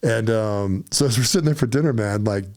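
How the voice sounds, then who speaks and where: Low-voiced man telling a story. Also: brisk. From Utah. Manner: animated, conversational, often says "dude" and "right?". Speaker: podcast guest. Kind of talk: casual storytelling.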